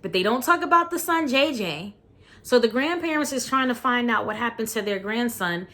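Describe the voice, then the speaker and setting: A woman's voice: on the high side, animated, moderate pace, bright, forceful tone. A woman vlogger talks casually about a documentary she watched. Her delivery is blunt and outspoken, and she peppers it with slang. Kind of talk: casual reaction commentary.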